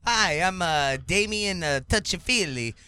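A man voicing an awkward young man who speaks in a low, halting way, stumbling over his words. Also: lively intonation, pushed and bright, smooth, exaggerated voice. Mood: hesitant. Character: awkward, hesitant young man, a priest's son.

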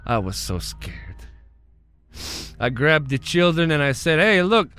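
A man voicing a middle-aged Amish farmer who tells his story in a slow, low, matter-of-fact mumble. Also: sing-song, fairly bright tone, smooth, no room sound, faint music behind. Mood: deadpan.

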